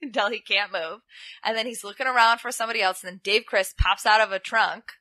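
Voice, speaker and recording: Bright, lively young woman podcaster. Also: mid-range voice, brisk, dry recording. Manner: animated storytelling, acts out quotes in playful voices. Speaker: podcast co-host. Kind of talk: casual chat recapping wrestling.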